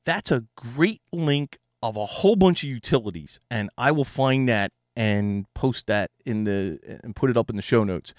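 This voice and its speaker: A man with a Philadelphia accent hosts a podcast in an easygoing, chatty way, often restarting his sentences as he reads out and answers listener messages. His voice sits at an ordinary pitch. The recording is dry and close, with no room sound. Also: animated, normal speed, hardly any pauses, no echo. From Philadelphia, USA. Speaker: podcast host.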